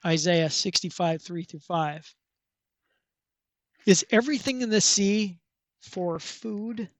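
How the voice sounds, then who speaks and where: A man giving scripted documentary narration in a measured, even reading. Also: high-pitched, no room sound.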